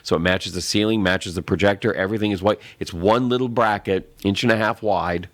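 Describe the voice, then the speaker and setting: A man's voice: lowish voice, fairly even intonation, brisk, a bit bright, no room sound. A man co-hosting a tech talk show, rambling through a home repair story step by step at a desk microphone. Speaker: co-host. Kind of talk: casual chat.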